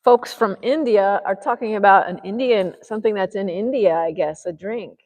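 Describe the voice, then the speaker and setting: A woman's voice: medium pitch, moderate pace, a little mellow, in a large hall. A woman painting a self-portrait on a live stream, chatting casually and thinking aloud as she works. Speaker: artist livestreaming a painting session. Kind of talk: casual chat while painting.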